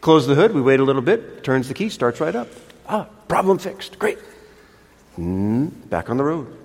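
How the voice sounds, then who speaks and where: An older man preaching a sermon, telling a story in an animated, chatty way with frequent restarts. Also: medium pitch, brisk. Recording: long reverb of a large hall.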